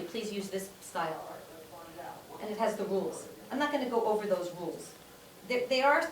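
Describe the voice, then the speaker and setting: A woman teaching a class, repeating her points for emphasis and often checking in with "okay?". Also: sits high. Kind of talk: classroom lecture. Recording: echoey room, distant mic, faint room noise.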